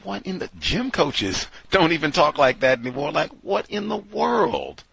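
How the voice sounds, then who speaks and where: A man hosting a talk show and delivering sardonic, incredulous commentary, moving between low mutters and loud exclamations. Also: big pitch swings, unhurried, creaky, few pauses, slight background noise, low-quality recording. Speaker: show host.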